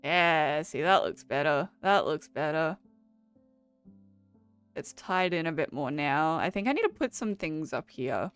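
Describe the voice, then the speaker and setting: Chatty Australian woman streamer, smooth voice. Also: sits low, animated, a little slow, no echo, faint music behind. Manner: chatty, laughs often, swears casually. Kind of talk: casual chat while gaming.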